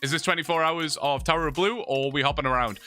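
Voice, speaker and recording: Bright-voiced man streaming. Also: a little high, quick pace, soft background music. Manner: rambling, laughs often, reads chat aloud. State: sore mouth from long talking. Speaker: livestreamer. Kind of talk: casual livestream chat.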